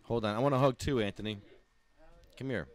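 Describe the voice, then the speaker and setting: A man's voice: medium pitch, a little fast, no room sound. A man co-hosting and engineering a podcast, talking in casual banter with a frazzled, exasperated tone. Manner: frazzled, exasperated, whiny complaints.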